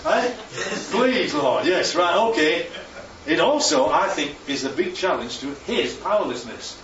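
In an unhurried sermon, a man with a slightly high voice preaches in a lively, slightly raised tone, frequently engaging the room and peppering his speech with "Right?" and "Yeah?". The recording sounds echoey, distant and dull, with faint ambience.

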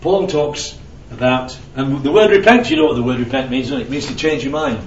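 A man's voice: medium pitch, expressive, a little fast, a little hiss or hum. A man preaching a sermon in a conversational way, asking the audience questions and telling anecdotes. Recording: roomy, distant, dull lo-fi sound with faint ambience.

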